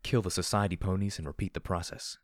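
A man with a very low voice reads a first-person story aloud in a steady, grave manner. The recording is dry, close and unadorned, with no room sound. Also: fast talker, no echo. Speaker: audiobook narrator.

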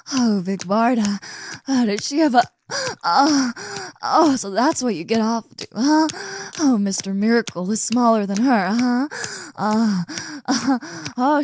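A woman's voice: medium pitch, darkish tone, slight background noise, close to an everyday voice. A young woman voicing a cocky, domineering muscular college woman in an intimate audio role-play, teasing and mocking with frequent giggles. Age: young adult.

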